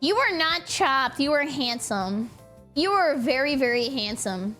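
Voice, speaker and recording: Giggly high-voiced woman streamer. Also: unhurried, soft background music. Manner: giggly, excitable, rambling. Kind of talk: casual stream chat. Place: home streaming setup.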